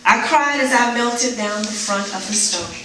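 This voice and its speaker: A woman giving an emotional, dramatic spoken word performance at a live event, moving between hushed and pleading delivery. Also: mid-range voice, normal speed. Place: live event before an audience. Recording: very echoey room, mic far off, faint noise.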